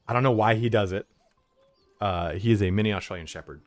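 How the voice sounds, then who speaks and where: A man with a fairly low voice chats casually through a live game stream, swearing freely and stopping to give his dog commands. His voice sounds dry and close, with no room echo. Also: fast, soft background music. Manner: laid-back, swears freely, talks to his dog between game commentary. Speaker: streamer playing a strategy game.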